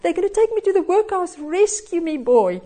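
A woman's voice: very high-pitched, sing-song, normal speed, warm tone, a little hiss or hum, pitched above the performer's own voice. A woman voicing a frightened little orphan girl who begs to be rescued, in a raised, pleading voice.

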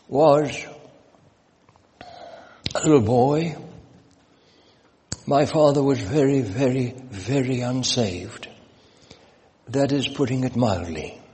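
A man in his seventies preaching a storytelling sermon, reading scripture slowly and with emphasis. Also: mid-range voice. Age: 70s. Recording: long reverb, faint noise.

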